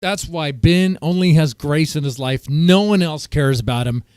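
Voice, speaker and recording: A man talking over a livestream, his voice sitting a bit high for a man and recorded dry and close. He rambles and mocks in crude, casual commentary, chatting with his viewers as he reacts. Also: moderate pace, a little mellow, smooth, dry recording. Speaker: streamer reacting to clips.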